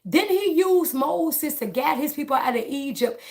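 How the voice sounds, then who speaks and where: A woman's voice: high-pitched, animated, normal speed, gravelly, a little mellow. A woman livestreaming a casual, preaching monologue, speaking emphatically, repeating her phrases and talking straight to her viewers. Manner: laughs between lines.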